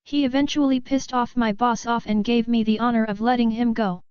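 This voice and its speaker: A woman reading online stories aloud as the show's narrator, in an even, steady read-aloud delivery. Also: on the high side, fairly quick, clean tone, no echo, muffled recording. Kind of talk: scripted story narration.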